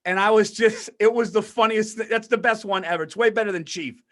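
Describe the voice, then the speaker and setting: A man with a New York accent and a higher-pitched voice, co-hosting a podcast. He tells animated stories and laughs easily, in a loose conversational way. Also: a little fast. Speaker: podcast co-host. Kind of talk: casual chat.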